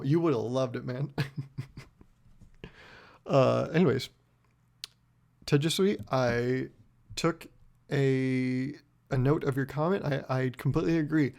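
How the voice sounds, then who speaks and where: Gravelly young man rambling on a podcast. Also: mid-range voice, darkish tone. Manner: rambling, profane, self-mocking storytelling. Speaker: podcast host. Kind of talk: casual solo podcast monologue.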